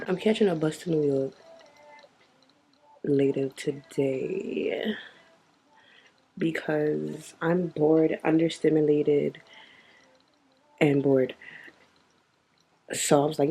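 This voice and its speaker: Young woman vlogger, dark mellow tone, frank and profane. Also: low-pitched, steady tone, slow pace, long pauses, breathy edge. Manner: blunt, profane, chatty. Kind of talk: casual video diary chat.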